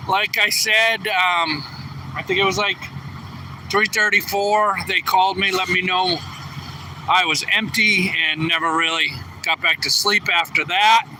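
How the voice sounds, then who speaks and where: A tired trucker livestreaming outdoors, chatting casually and reading viewer comments aloud. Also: male voice, fairly even intonation, measured pace, sharp tone. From New England. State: a little tired. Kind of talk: casual live stream chat. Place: outdoors at a truck distribution center. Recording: distant phone mic with faint traffic noise. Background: trucks rumbling.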